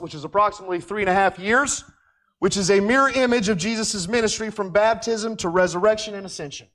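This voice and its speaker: A male Bible teacher with a notably high voice speaks emphatically, alternating between ringing, loud declarations and near-murmured quiet asides. To drive a point home, he slows right down and stretches out key words.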